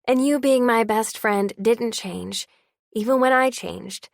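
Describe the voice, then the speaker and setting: A woman's voice: fairly high pitch, takes it slowly, gravelly, dry recording, studio quality, pitched above the performer's own voice. A woman voicing an earnest, apologetic teenage girl in an audiobook.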